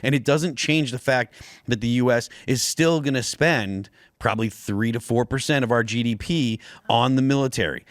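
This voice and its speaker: A man's voice: medium pitch, moderate pace, dry recording. A man speaking as a guest on a political talk show, talking hesitantly with many fillers. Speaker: podcast guest.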